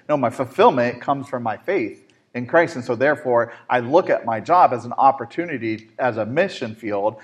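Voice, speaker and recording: Man host, faith talk show, animated storyteller, mid pitch, lots of fillers.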